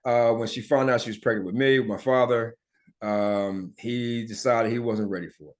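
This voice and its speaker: A man from Philadelphia talks through his childhood on his own podcast. His voice sits at an ordinary pitch for a man, and he talks bluntly and profanely. He keeps checking in with listeners and now and then stutters or mumbles a word. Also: steady tone, normal speed. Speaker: podcast host. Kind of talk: casual personal storytelling.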